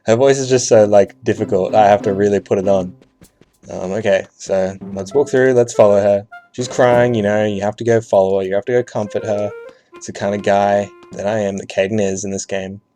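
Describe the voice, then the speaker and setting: A man's voice: fairly low pitch, steady tone, fairly quick, dark tone, soft background music. A man hosting a let's play, giving casual, joking, irreverent commentary.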